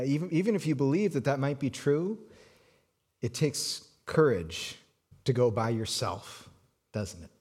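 A male pastor preaching to his congregation in a relaxed storytelling way. He stumbles and restarts often, then sinks to a soft, hushed voice to press a point home. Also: medium pitch. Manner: storytelling with many restarts, drops to soft hushed tones for emphasis. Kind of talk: sermon.

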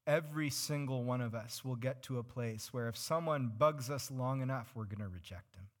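A man's voice: medium pitch, normal speed. A male pastor preaching a sermon, earnestly explaining scripture and putting questions to his congregation.

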